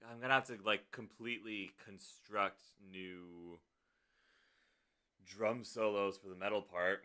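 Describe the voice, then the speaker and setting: Bright, clear-voiced male streamer muttering. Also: lowish voice, steady tone, measured pace. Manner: mutters to himself, hums drum rhythms, reads chat aloud. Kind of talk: casual live-stream talk while composing music.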